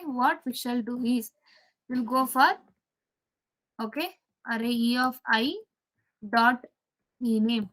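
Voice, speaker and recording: High-voiced woman teaching code. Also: a bit bright. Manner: repeats phrases, quizzes students. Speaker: programming teacher. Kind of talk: live coding lesson.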